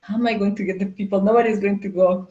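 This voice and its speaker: A woman in her forties, a coach and entrepreneur, telling a candid personal story at a live talk, halting with many fillers and restarts. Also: medium pitch, steady tone, warm tone, roomy sound, lo-fi sound. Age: 40s.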